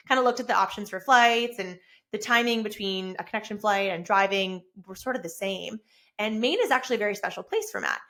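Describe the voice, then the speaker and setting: A woman in her thirties hosting her own podcast, talking casually and enthusiastically. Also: mid-range voice. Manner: enthusiastic, effusive, rising to excited bursts. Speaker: podcast host. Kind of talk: casual solo podcast monologue. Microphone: self-recorded with camera.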